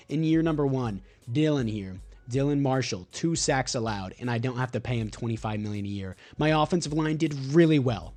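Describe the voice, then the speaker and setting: A man's voice: mid-range voice, darkish tone. Exasperated young man ranting over a game. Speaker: gaming YouTuber. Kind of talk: game commentary.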